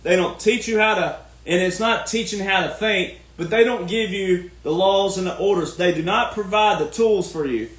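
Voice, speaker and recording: This commentary host, a man with a high-pitched, fairly bright voice, launches into a folksy, preachy political rant and keeps repeating his points. He talks at a moderate pace with few pauses, and the room echoes around him.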